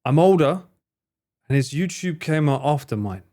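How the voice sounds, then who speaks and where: Male streamer, animated, jokey reaction banter, slightly high voice. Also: normal speed. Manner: joking, teasing banter. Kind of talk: live stream reaction commentary.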